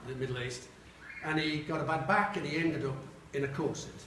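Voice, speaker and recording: A man's voice: a little high, steady tone, brisk, a bit bright, recorded from a distance. A man in his seventies from Sheffield, England, giving an after-dinner speech of funny anecdotes and acting out the people in them. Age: 70s. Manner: jokey storyteller acting out quoted voices. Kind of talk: humorous anecdotes at a reunion lunch. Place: large dining hall. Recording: echoey hall, voice picked up from afar, faint hum.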